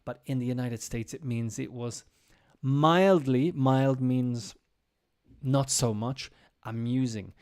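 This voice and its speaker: A man's voice: medium pitch, takes it slowly, a little mellow, clean tone. A man teaching English in a casual live-streamed lesson, explaining step by step with frequent ums and restarts.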